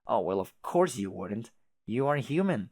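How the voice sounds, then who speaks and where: A man's voice: mid-range voice, big pitch swings, normal speed, darkish tone, breathy edge, no room sound. A man voicing a fussy, long-winded advisor who speaks in a put-on British manner, formal and wordy. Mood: earnest. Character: prim, verbose troll advisor putting on a British manner.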